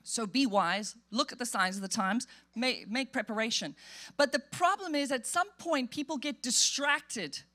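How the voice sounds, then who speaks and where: Woman pastor, high-pitched, emphatic animated sermon delivery in a church. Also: normal speed. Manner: animated, emphatic preaching with acted-out quotes.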